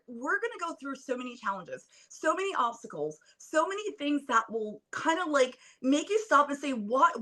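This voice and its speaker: A young woman with a high, sharp voice speaks on a phone video call as a podcast guest. Her motivational interview talk is earnest and emphatic, almost like preaching.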